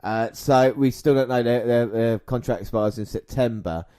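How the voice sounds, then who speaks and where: A man's voice: medium pitch, normal speed, mellow. A man co-hosting a podcast, chatting casually through the news, laughing often and tripping over words now and then. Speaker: podcast co-host.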